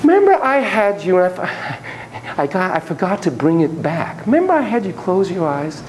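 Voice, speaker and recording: A man's voice: sits high, very animated, normal speed, background noise. A man giving a classroom lecture on child therapy, acting out quotes in shifting voices.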